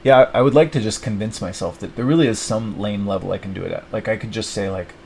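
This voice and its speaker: A man's voice: on the low side, quick pace, vocal fry, darkish tone, slight background noise, poor audio. A young man thinking aloud at his desk, rambling and self-mocking as he plans his week. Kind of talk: rambling solo self-talk.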